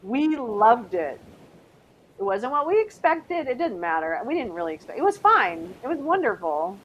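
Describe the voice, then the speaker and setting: A woman's voice: a little high, sing-song, fairly quick, fairly bright tone, muffled recording, a little hiss or hum. A middle-aged woman hosting a casual live stream, rambling and chatty, often laughing and trying out French words. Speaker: livestream host.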